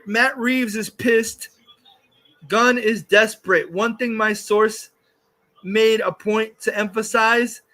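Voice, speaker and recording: High bright heated ranting man. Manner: profane, heated, frequent filler pauses. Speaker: commentary streamer reading chat. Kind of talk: casual ranting commentary.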